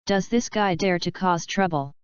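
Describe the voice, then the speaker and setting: A woman's voice: lowish voice, moderate pace, smooth, dry recording, lightly acted. Brief: arrogant young clan heir, disdainful, read in a woman's voice; dry, slightly dull sound. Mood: scornful. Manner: arrogant, scornful. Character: haughty boy heir of the main family.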